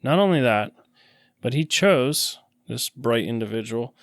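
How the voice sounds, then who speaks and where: A man's voice: mid-range voice, lively intonation, measured pace, no echo, clean studio sound. A man co-hosting a podcast, chatting casually and explaining movie scenes and car engine details. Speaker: podcast co-host. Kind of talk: casual chat.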